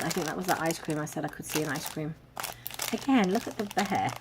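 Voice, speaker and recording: A woman chatting casually through a craft box unboxing, amused and quick to laugh. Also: on the low side, animated, noisy background. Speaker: crafting vlogger.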